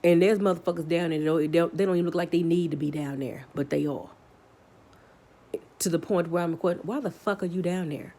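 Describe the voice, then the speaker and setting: A woman's voice: fairly low pitch, fairly quick, warm tone. A woman vlogger in a heated, profane opinion rant, blunt and swearing constantly, often restarting her sentences as she gets worked up. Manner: repetitive restarts when worked up.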